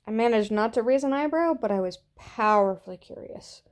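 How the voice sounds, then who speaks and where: A woman reading a story aloud in a slow, soft, gentle voice that sometimes drops to a hush. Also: a little high, expressive. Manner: slow, soft and gentle, dropping to hushed whispers. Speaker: reader.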